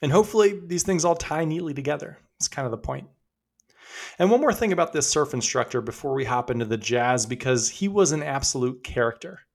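A man's voice: fairly high pitch, expressive, a little fast, creaky. A man hosting a podcast, telling stories in a conversational, upbeat way. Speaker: podcast host. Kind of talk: scripted podcast narration.

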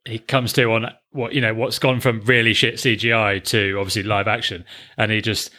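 A man with a bright, forceful tone, co-hosting a casual chat. He is blunt and sarcastic and swears freely. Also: on the low side, flat delivery, a little fast. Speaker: podcast co-host.

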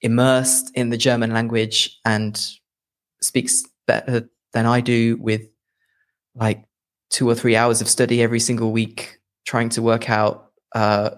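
A chatty man with an English Midlands accent, talking casually as a podcast guest. He laughs easily and jumps his voice up high when he acts out what others say. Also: little pitch movement, a little slow. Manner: chatty, laughs often, acts out quotes in a higher voice. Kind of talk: casual chat.

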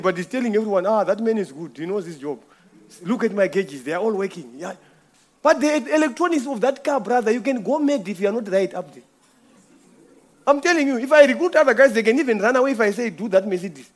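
A man with a strikingly high voice preaches a sermon woven from his own working life. He stumbles over repeated words, rises to loud declarations, then sinks to hushed asides. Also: animated, quick pace. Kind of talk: sermon with personal testimony.

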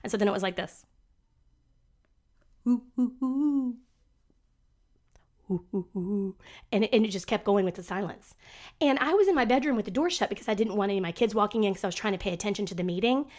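A woman, casually chatting as a podcast co-host and telling animated stories. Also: mid-range voice. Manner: chatty storyteller, animated, quick to act out quotes. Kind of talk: casual chat.

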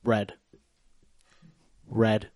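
A young man co-hosting a podcast, needling his friend with deadpan teasing. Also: very slow. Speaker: podcast co-host. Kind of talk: casual podcast banter.

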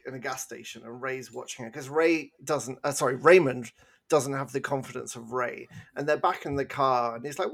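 A man's voice: mid-range voice, steady tone, normal speed, creaky. A man co-hosting a podcast, chatting casually about a film in a rambling, self-deprecating way. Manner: rambling, self-deprecating, with sung and mimicked bits. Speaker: podcast co-host. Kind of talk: casual film review chat.

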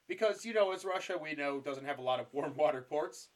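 Male podcast co-host, somewhat high voice, casual swearing storyteller. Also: brisk. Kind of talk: casual history podcast chat.

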